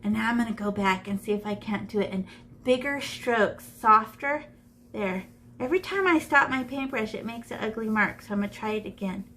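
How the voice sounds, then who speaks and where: A woman's slightly high, expressive voice moves fairly quickly with a sharp edge, over a little background noise. She's an art teacher in a classroom, demonstrating shading in a live drawing lesson, chatting playfully and talking to herself as she draws.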